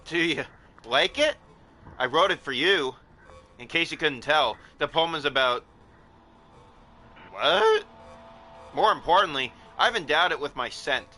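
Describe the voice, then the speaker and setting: A man reading aloud the lines of a shy, obsessive young woman from a visual novel, halting and clingy. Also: a little high, lively intonation, bright, forceful tone, soft background music, full character voice.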